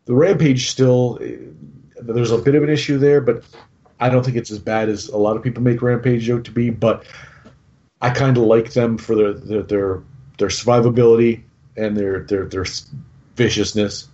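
A man's voice: mid-range voice, fairly even intonation, normal speed, warm tone, muffled recording. A man co-hosting a podcast, chatting casually about his game army in a rambling way with many restarts. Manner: rambling, lots of restarts and fillers. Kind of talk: casual chat.

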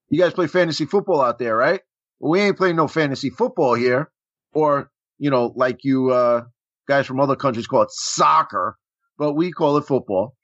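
A man hosting a casual show as "coach", loud and joking with his co-hosts. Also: mid-range voice, normal speed, dry recording. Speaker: podcast host calling himself coach. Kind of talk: casual banter. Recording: dull, dry lo-fi recording.

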